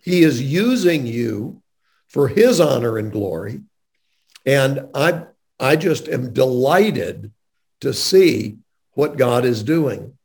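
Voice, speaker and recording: A man's voice: mid-range voice, expressive, slow pace, a little mellow. A man interviewing a guest in a faith-based conversation, speaking in an earnest, emphatic way.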